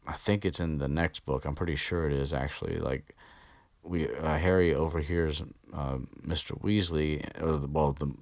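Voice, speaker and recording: A man's voice: very deep voice, steady tone, normal speed, no room sound. A man hosting a podcast, recapping a book in a rambling, chatty way and swearing casually. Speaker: podcast host.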